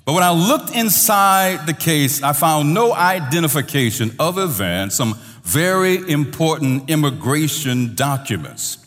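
Slow, animated male preacher in a reverberant hall. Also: fairly high pitch, faint music behind. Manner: animated storyteller, voice trails off softly at phrase ends. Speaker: pastor. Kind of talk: sermon storytelling.

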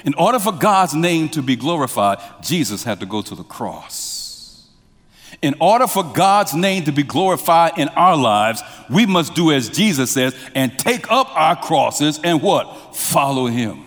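A man preaching a sermon as pastor. He drops to hushed lines, rises to emphatic ones, and has the congregation finish his sentences. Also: fairly high pitch, sing-song, a little slow. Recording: long hall reverb.

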